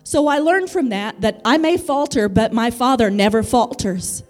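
A woman's voice: fairly high pitch, moderate pace, darkish tone, soft background music. A woman preaching a sermon with fervent, building emphasis.

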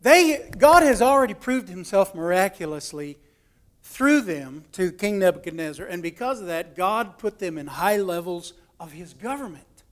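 A man preaching a folksy sermon, telling a story and acting out its voices with big swings in loudness. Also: sits high, animated, moderate pace. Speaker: pastor.

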